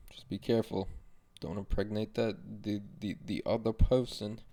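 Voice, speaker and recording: A young man talks through a solo podcast in a low voice with a gravelly, fry-filled edge. He rambles from thought to thought, swearing freely and poking fun at himself. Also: flat delivery, normal speed, dark tone. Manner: profane, rambling, self-mocking. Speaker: podcast host.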